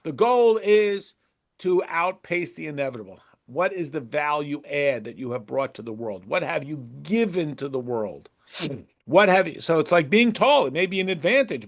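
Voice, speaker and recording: A man's voice: fairly high pitch, expressive, moderate pace, a bit bright. A man teaching a religious text to a class, acting out imagined dialogues and repeating words for emphasis. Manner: acts out imagined dialogues with shifting voices. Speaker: Torah teacher. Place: classroom with a board.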